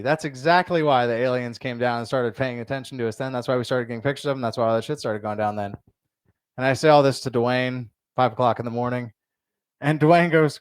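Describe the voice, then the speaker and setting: Young man, stand-up comedian, crude rambling delivery, smooth voice, dry close sound. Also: medium pitch, steady tone, brisk, no room sound. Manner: loose, rambling delivery with crude jokes and fillers. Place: comedy show in a bar.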